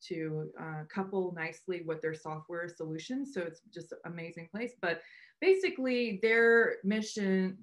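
Speaking at a moderate pace in a fairly low voice, a woman who co-founded the group welcomes people to a video-call meetup. Her chat is loose and meandering, with lots of false starts.

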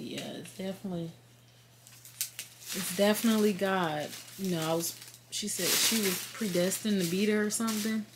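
A woman chatting warmly on her home vlog, retelling a story with quoted dialogue and heartfelt excitement. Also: medium pitch, noisy background. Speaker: vlogger, work-from-home mom. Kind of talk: casual faith vlog chat. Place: at home, sitting on the bed.

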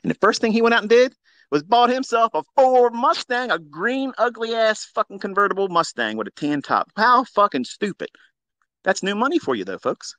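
A man telling a story in a casual monologue, profane and mocking, with sudden loud outbursts. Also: sits high, animated, moderate pace, no room sound. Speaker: trading educator on a live audio space.

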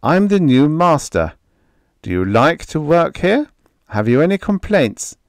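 A man's voice: on the high side, big pitch swings, measured pace, dry recording, studio quality, voice pushed up. A man voicing an anxious, earnest young man who is the new factory master, hesitant and easily alarmed.

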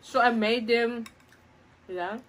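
A middle-aged food vlogger films a mukbang in her home kitchen, murmuring between bites and gushing about her food. Her fairly high voice holds a steady tone, and she speaks slowly.

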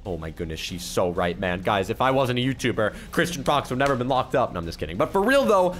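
A man hosting a gaming channel, giving excitable, exclamatory commentary as he plays and reading other players' chat aloud in his own voice. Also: mid-range voice, quick pace, soft background music. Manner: excitable, exclamatory, keeps repeating "oh my goodness". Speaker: YouTuber gaming host. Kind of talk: let's-play gameplay commentary.

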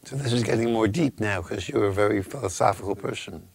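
A man posing riddles in casual chat, playful and teasing, slowing down to repeat the key lines. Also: fairly low pitch, vocal fry, slightly rough.

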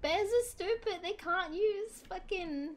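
A woman streaming a game, giving live commentary, frustrated and swearing constantly as she yells orders at the characters. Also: very high voice, slow, a little hiss or hum.

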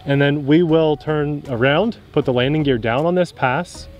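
A chatty, easygoing young adult man, an RC pilot and channel host, explains what he's doing as he flies a model plane at an outdoor field. His voice is fairly high and moderately paced, with soft background music behind this casual flying commentary.

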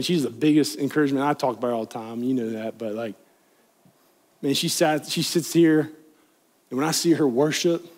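A young man, a youth pastor, preaching a sermon in a church in an earnest, conversational way, pleading and rising in emphasis. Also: a little high. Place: church sanctuary, live congregation.

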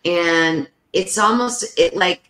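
Animated woman telling a story in an echoey room. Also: lowish voice, slow pace. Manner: animated, full of "like", acts out the voices in her story. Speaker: podcast guest. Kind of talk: casual storytelling. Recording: roomy echo.

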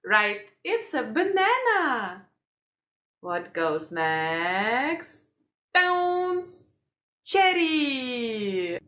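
A woman teaching toddlers in a slow, exaggerated sing-song manner, repeating words. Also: on the high side, sing-song, fairly bright tone. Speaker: children's teacher. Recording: roomy echo.

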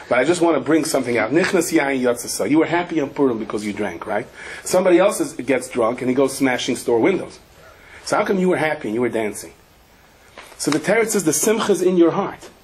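A man, a rabbi, giving a Torah class in a lively anecdotal storytelling manner. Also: on the high side.

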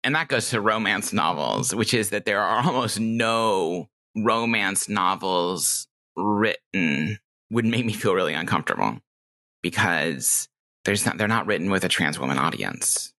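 A woman's voice: a bass voice, lively intonation, measured pace, fairly bright tone. A woman guest speaking in a podcast interview, candid and reflective, with a nasal, self-made Californian-Midwestern accent. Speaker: guest, game designer.

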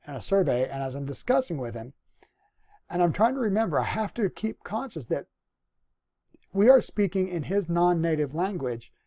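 A man from the US Northwest giving a recorded lecture in an unhurried, conversational way, with restarts and pauses. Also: a little high, mellow. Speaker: instructor.

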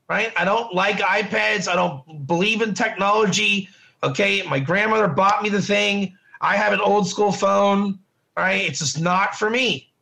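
A man's voice: high voice, moderate pace, gravelly, bright, forceful tone. A middle-aged man teaching a lesson in a casual, conversational way, often checking in with his listeners. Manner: conversational, repetitive, asks "right?" often. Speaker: Torah teacher. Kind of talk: informal classroom lesson.

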